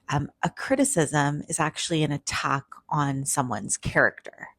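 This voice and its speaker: A woman couples counselor explains things to her viewers in a relaxed, chatty way and acts out what partners say to each other. Her voice sits low and a little husky. The sound is dry and close. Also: normal speed, few pauses, no echo. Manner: casual, conversational, acts out quoted partner lines. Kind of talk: direct-to-camera explainer.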